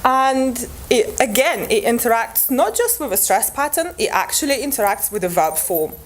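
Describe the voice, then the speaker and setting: A woman's voice: a little high, big pitch swings, normal speed. A woman presenting linguistics research at an academic conference, explaining step by step with frequent restarts and fillers.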